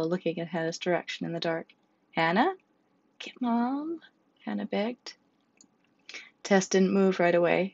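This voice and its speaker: A woman narrates a story in a steady, measured reading voice. Her voice sits low with a gravelly fry. The recording is dry and somewhat dull. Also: no echo. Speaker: audiobook narrator. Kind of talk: scripted narration.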